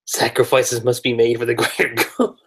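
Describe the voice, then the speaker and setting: A man's voice: mid-range voice, moderate pace, breathy edge. A man guesting on a podcast in casual chat, laughing at his own remarks.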